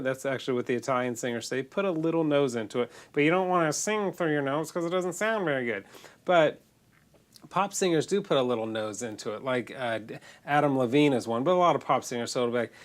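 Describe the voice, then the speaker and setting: A man's voice: mid-range voice, animated, fast talker. A man with a congested, nasal voice, teaching singing in a loose, casual lesson full of restarts. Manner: loose, demonstrating, self-correcting.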